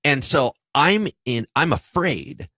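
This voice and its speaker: A man, a pastor co-hosting a podcast, telling a story about himself in a lively, self-deprecating way. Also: medium pitch, slow pace, no echo. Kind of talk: casual podcast discussion.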